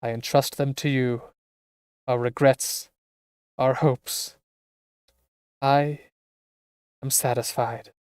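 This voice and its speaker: A streamer voicing a dying young man who speaks slowly and solemnly while reading game dialogue aloud. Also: mid-range voice, little pitch movement, darkish tone, clear, resonant tone, dry recording, studio quality, lightly acted.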